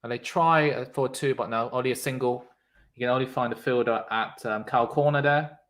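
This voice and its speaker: A man giving casual live cricket commentary on a stream, reacting loudly to the play and chatting with viewers in the chat. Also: mid-range voice, steady tone, fairly quick.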